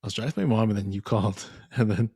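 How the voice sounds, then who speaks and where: A young man co-hosting a podcast, telling a story in animated casual chat and laughing often. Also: fairly low pitch, rapid-fire, husky, no room sound. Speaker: podcast co-host.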